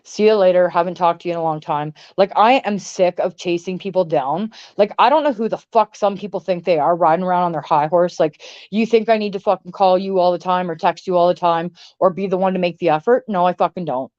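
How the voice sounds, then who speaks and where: A woman's voice: on the low side, brisk, hardly any pauses, a little mellow, dry recording, highs cut off. Blunt, profane woman ranting on stream. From Canada. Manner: blunt, profane, rambling with many "like"s. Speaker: livestream host. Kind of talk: casual livestream rant to chat.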